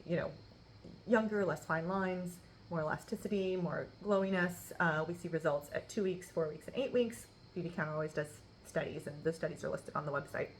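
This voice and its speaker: A woman's voice: fairly low pitch, a little hiss or hum, poor audio. A woman in her thirties chatting casually through a skincare review, laughing often and acting out bits of remembered dialogue. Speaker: beauty vlogger.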